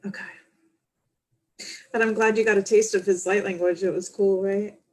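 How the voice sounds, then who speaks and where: A woman hosting a livestream as a spiritual medium, talking in a soft, heartfelt, halting way. She sounds tired. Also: mid-range voice, steady tone, rough recording. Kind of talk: casual livestream talk.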